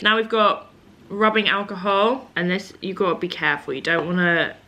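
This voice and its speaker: A young woman chatting casually to a camera on a tripod at home, self-mocking and lively. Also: fairly low pitch, a little fast, vocal fry. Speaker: beauty vlogger. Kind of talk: casual vlog chat to camera. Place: home room at a table.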